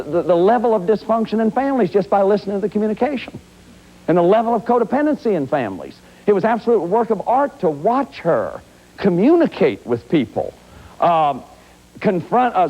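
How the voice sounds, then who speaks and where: A man in his fifties giving a self-help lecture, acting out examples, often restarting his sentences. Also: high-pitched. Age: 50s. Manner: animated, acts out examples, frequent restarts. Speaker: therapist and lecturer. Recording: dull lo-fi recording.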